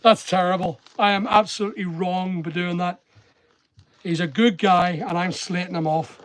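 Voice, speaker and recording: A man's voice: sits high, steady tone, normal speed, no room sound. A man with a mixed Northern Irish and English accent, chatting to viewers while packing orders, teasing and joking with his staff. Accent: Northern Irish-English mix. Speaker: online seller and channel host. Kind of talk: casual live-stream chat while packing. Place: packing workspace with staff nearby.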